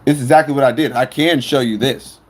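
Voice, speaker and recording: A man's voice: mid-range voice, quick pace, a little mellow. A man telling a rambling, profane story to viewers on his phone stream.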